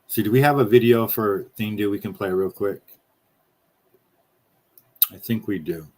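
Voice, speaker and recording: Low husky man ranting bluntly. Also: a little slow, a little mellow. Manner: blunt, heavy swearing, trailing fillers. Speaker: streamer reacting to clips. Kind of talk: casual profane commentary.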